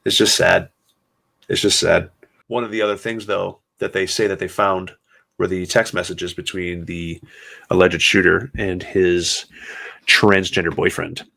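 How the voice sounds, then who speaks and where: Low gravelly-voiced man hosting a podcast. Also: flat delivery, pushed and bright. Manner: somber, sarcastic commentary with many pauses. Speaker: podcast host. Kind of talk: solo commentary podcast.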